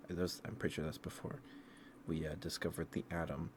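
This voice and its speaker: A man's voice: very deep voice, little pitch movement, a little fast, background noise. A sleepy man in a casual ASMR stream, telling a meandering story in a loose, rambling way.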